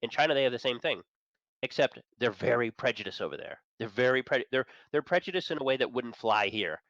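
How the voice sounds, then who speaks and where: Fast-talking opinionated man on a dull line. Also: medium pitch, animated, fairly bright tone, dry recording. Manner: fast, enthusiastic, opinionated, chuckles between points. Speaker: guest, managing editor of an entertainment and tech site. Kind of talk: casual chat.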